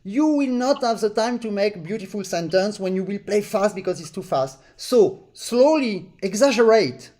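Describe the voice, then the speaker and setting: A man with a notably high voice leads an online accordion master class. He is earnest and demonstrative, and he hammers points home by repeating them. He breaks into sung rhythm syllables to show a phrase. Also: moderate pace, few pauses, darkish tone. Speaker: accordion teacher. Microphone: online lesson stream.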